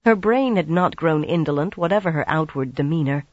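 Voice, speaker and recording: An audiobook narrator reading fantasy prose in a measured, even manner, in a slightly dull recording. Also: mid-range voice, dry recording.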